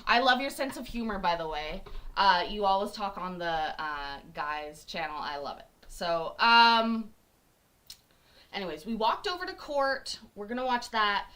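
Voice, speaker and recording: A woman's voice: medium pitch, animated, a little slow, pushed and bright. A woman from Canada chatting casually and joking with her live-stream viewers. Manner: chatty, joking, laughs often.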